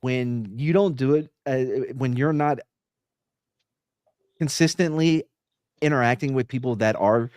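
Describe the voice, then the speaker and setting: A man's voice: medium pitch, unhurried, pauses often, darkish tone, clean tone, no echo, clean studio sound. Blunt, profane ex-cop man. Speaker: podcast host, former police officer. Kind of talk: casual podcast chat, storytelling.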